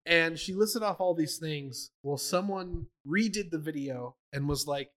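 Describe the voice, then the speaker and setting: A man hosting a casual show, reacting to clips with excitement and frequent laughter. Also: a little high, measured pace. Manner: enthusiastic, laughs often.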